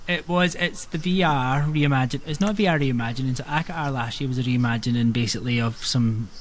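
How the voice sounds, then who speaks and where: A man in mid-range pitch co-hosting a casual podcast chat. He describes a game earnestly, pausing often with "um" while he searches for words. A faint hiss of noise sits underneath. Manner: earnest, hesitant, fills pauses with "um". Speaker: podcast co-host.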